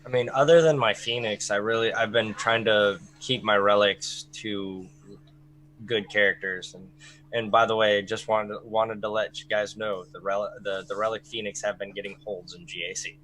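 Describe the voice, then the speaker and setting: A man appearing as a guest on a gaming stream, talking haltingly with frequent restarts. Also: fairly low pitch, steady tone, a bit bright, slight background noise, low-quality recording. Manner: halting, restarts, laughs easily. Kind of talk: casual gaming stream chat.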